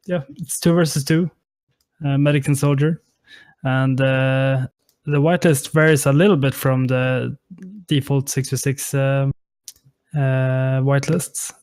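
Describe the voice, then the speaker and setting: A man's voice: mid-range voice, a little mellow, dry recording. A man casting a live online game tournament, hesitant and apologetic, with many fillers and restarts, on a headset mic. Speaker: esports caster. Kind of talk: casual live game commentary.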